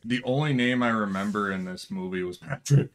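A man co-hosting a casual comedy podcast, dropping crude deadpan wisecracks. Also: lowish voice, brisk. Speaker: podcast co-host.

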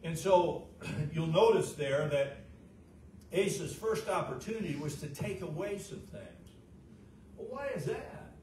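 A middle-aged man preaching a folksy, fervent sermon as pastor, swinging from loud, high peaks down to a low, quiet voice, with frequent "uh" fillers. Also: expressive, a little slow, distant mic. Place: church sanctuary. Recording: roomy church sound from off the mic, noisy.

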